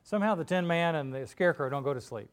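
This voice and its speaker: A male preacher giving a sermon in a loose, conversational style, candid about himself. His voice sits a little high, and he grows animated when retelling a story. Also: fast.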